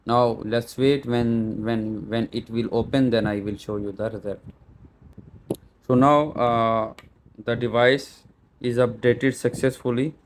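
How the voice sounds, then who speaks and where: A small store is the setting for this step-by-step camera setup walkthrough. The tech tutorial presenter, a man of medium pitch, stumbles through with frequent fillers and restarts, against a little hiss or hum.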